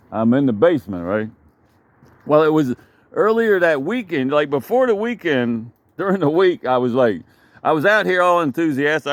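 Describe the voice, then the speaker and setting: Out in his backyard, a man with a mid-range voice and no echo tells a long, winding story for a casual vlog. He swears freely and drifts from one thought to another.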